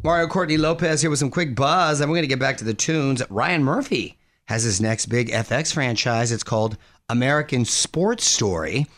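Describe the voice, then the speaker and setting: A middle-aged man hosting a radio show, chatting casually and playfully with his co-host, often jumping to high exclaims. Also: moderate pace, a bit bright.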